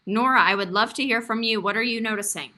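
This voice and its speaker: A woman teacher leading a young class over a video call, encouraging and expressive as she reads a story aloud. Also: fairly high pitch, quick pace. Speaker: kindergarten teacher. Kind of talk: online class lesson.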